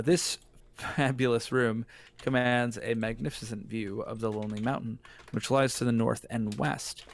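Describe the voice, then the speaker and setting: A man with a medium-pitched, creaky voice streams a text adventure with a friend, reading the game text aloud and ranting jokingly between turns. It's casual co-op gaming chat, with slight background noise in the recording.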